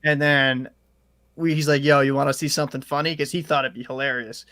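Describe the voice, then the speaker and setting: A man co-hosting a casual podcast, telling a story in a rambling, animated way with lots of fillers and swearing. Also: medium pitch, brisk, no room sound, clean studio sound. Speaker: podcast co-host.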